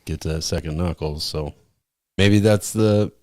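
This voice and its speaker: A man's voice: a little slow, a little mellow, no echo, clean studio sound. A man co-hosting a podcast, telling profane stories in casual chat. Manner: profane, storytelling, mimics friend in high voice. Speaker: podcast co-host.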